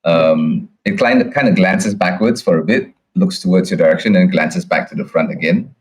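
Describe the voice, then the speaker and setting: A man's voice: low-pitched, normal speed, poor audio. A man narrating as the dungeon master of a tabletop game, hesitant, with many restarts.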